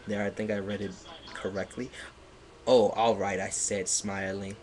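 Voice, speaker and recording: A man on a livestream reading fan fiction aloud in a mocking dramatic way, sarcastic, with loud outbursts and laughter, sounding a bit stuffy. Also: on the low side, flat delivery, a little slow. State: slightly stuffy.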